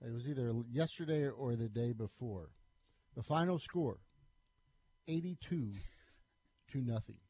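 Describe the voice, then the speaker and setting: A man over forty hosting a morning sports talk radio show, briskly reading scores and rundowns. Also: medium pitch, mellow, no echo.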